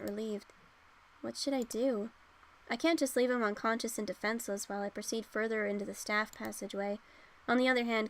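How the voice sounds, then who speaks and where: A woman's voice: on the high side, poor audio. Woman reading a visual novel aloud. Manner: first-person narration, occasional self-corrections. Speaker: game let's player. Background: game music.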